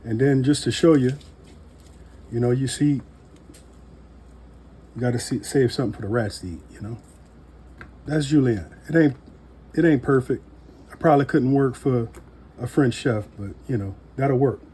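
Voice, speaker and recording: A man giving a casual cooking demonstration in a relaxed, folksy way with joking asides. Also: medium pitch, moderate pace, pauses often, slight background noise. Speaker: home cook demonstrating knife skills.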